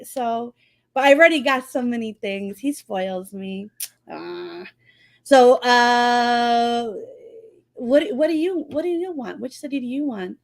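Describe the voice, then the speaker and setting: A woman's voice: sits high, a little slow. A woman from New York with a New York accent, hosting a casual podcast chat and laughing often. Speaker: podcast host.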